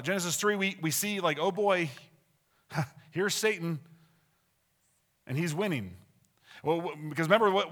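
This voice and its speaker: Bright-voiced man preaching a sermon. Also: fairly high pitch. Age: middle-aged. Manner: emphatic, conversational, asks the audience questions.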